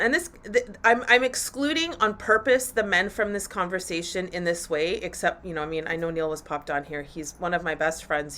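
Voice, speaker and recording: Bright-voiced, candid woman host. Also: on the low side. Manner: candid and animated, swears freely. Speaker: podcast host and women's coach. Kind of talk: live-streamed motivational talk.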